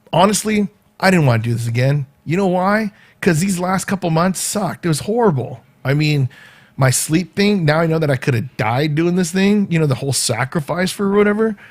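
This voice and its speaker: A man's voice: fairly high pitch, lively intonation, normal speed, darkish tone. Rambling Southern California man chatting casually. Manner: rambling, repeats words, talks to live commenters by name. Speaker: show host and event organizer. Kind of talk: casual chat to viewers.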